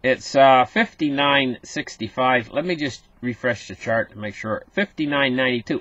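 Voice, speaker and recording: A man's voice: mid-range voice, normal speed, few pauses, fairly bright tone, dry recording, lo-fi sound. A man hosting a casual market commentary, talking straight to his viewers and repeating himself as he goes. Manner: talks to viewers as "guys", repeats words, rambly.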